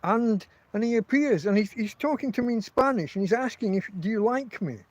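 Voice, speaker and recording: A man with an English accent talks casually on a livestream from inside his tent. His voice sits high for a man, and he rambles through profane stories, stopping and restarting his sentences. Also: a little fast, no echo, poor audio. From England. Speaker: podcast host.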